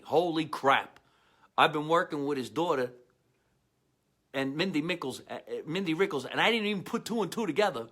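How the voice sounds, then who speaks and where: Bright-voiced rambling comedian host. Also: male voice, fairly high pitch. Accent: New Jersey. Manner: rambling, animated storyteller with asides to viewers. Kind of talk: casual storytelling monologue.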